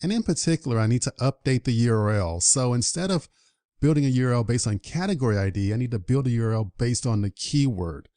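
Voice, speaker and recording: A man's voice: mid-range voice, animated, fast talker, mellow, dry recording. A man teaching programming in a screen-recorded coding tutorial, upbeat and walking through each step aloud. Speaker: programming instructor.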